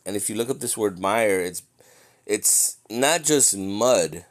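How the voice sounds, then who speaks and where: Slow, low-voiced man teaching scripture. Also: expressive. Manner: conversational, checks in with "okay?" and "right?"; slows down to read verses aloud. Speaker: bible teacher.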